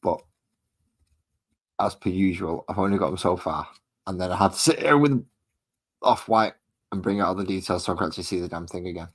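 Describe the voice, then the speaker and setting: Low husky-voiced man. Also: fairly quick, long pauses, rough recording. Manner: chatty, self-deprecating, thinking aloud. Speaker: miniature painting hobbyist host. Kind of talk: casual rambling chat while painting.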